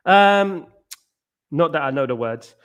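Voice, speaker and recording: A man's voice: a little high, expressive, slow, clear, resonant tone. A man hosting a live football watchalong stream. He chats casually with viewers and keeps singing playful chant parodies.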